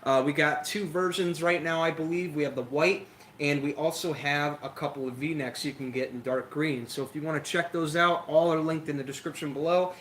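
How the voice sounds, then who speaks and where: A young man hosting a casual lawn care livestream, chatty and energetic, a little out of breath, talking into a phone. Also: on the high side, moderate pace, slight background noise, rough recording. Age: young adult. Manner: chatty, energetic, filler-heavy. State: slightly out of breath. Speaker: lawn care show host. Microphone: phone camera.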